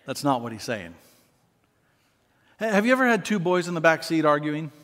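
A man preaching a sermon as pastor to a church congregation, animated and acting out scenes. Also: on the high side, moderate pace. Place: church sanctuary. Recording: long reverb of a church hall.

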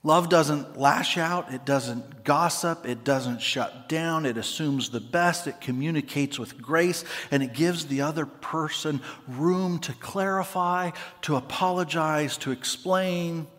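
Earnest pastor preaching in a reverberant hall. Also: male voice, a little high, slow pace, hardly any pauses. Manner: earnest, building to emphatic then dropping soft and quiet for prayer. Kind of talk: sermon. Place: large church hall with balcony.

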